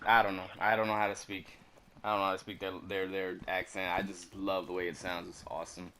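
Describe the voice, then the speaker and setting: A man's voice: low voice, level tone, fairly quick, sharp tone, slight background noise. A man casually commenting over a video game walkthrough, laid-back and slangy, drifting into rambling asides. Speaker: gaming commentator.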